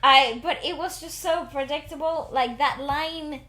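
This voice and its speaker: A woman's voice: sits high, measured pace, sharp tone. A woman co-hosting a casual podcast, reacting with enthusiastic exclamations. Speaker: podcast co-host.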